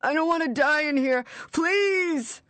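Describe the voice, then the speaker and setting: A narrator voicing a terrified man trapped underground, with a raw, croaking voice, begging and apologizing. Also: very high-pitched, takes it slowly, mellow, no room sound, pitched above the performer's own voice. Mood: panicked pleading. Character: terrified man buried alive, pleading. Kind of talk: audiobook character reading.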